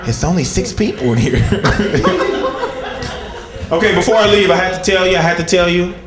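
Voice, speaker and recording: Animated Texan stand-up comic in a club. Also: male voice, high voice, moderate pace. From Texas. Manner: animated storytelling, acts out bits. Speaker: stand-up comedian. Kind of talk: stand-up set. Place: comedy club stage. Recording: echoey club with crowd laughter. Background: audience laughing.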